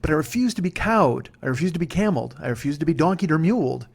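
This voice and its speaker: A man's voice: a little high, expressive, fast, gravelly. A man in his forties hosting a comedy podcast, telling a rambling, self-mocking story with lots of swearing. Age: 40s.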